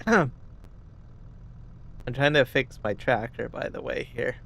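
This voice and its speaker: A man chatting casually on a live game stream, rambling and tagging his sentences with "right?", and often clearing his throat. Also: mid-range voice, animated, slow, fairly bright tone, a little hiss or hum. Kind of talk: casual chat while gaming.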